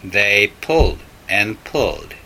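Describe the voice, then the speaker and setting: A man reads a simple storybook aloud for language learners, phrase by phrase and very slowly. His lowish voice rises and falls widely as he tells the tale. The tone is bright, with a slightly husky edge. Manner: clearly spaced phrases with expressive rises. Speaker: English story reader for learners. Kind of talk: slow, deliberate storybook reading.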